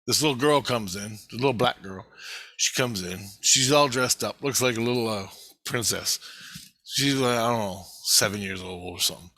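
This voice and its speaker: A man's voice: mid-range voice, normal speed, pushed and bright, no room sound. A man casually telling a personal story, rambling and swearing as he goes. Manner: rambling, profane, repeating phrases.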